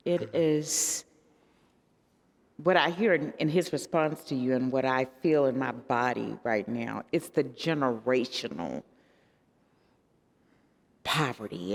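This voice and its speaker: Animated woman pastor in an echoey hall. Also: vocal fry. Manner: animated storyteller with emphatic pitch swings. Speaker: pastor on a discussion panel. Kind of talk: panel discussion.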